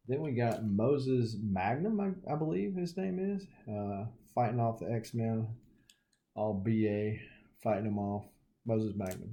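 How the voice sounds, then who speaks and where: A man's voice: medium pitch, mellow, slight background noise. A man with a Southern US accent, casually showing his comic collection with folksy, joking asides. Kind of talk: casual show-and-tell.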